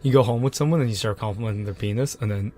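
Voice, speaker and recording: A man's voice: lowish voice, rapid-fire, mellow, slight background noise. A young man co-hosting a podcast in casual chat, joking and swearing as he hands out blunt advice. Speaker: podcast co-host.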